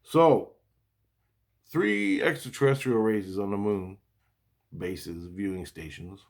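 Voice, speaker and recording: A man's voice: lowish voice, takes it slowly. A man telling a long story in a casual, rambling monologue, repeating himself and swearing now and then. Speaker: vlogger recounting spiritual experiences.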